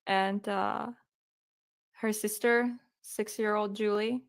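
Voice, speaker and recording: A woman's voice: mid-range voice, fairly even intonation, measured pace, no room sound, studio quality. A woman hosting a true crime live stream, telling the case hesitantly and apologizing while holding back tears.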